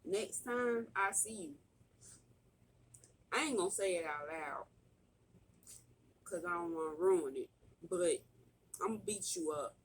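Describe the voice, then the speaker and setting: Slow-talking woman vlogger, casual chat. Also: lowish voice, breathy edge. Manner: dramatic, pleading to the Lord in a sing-song wail. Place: indoors at home.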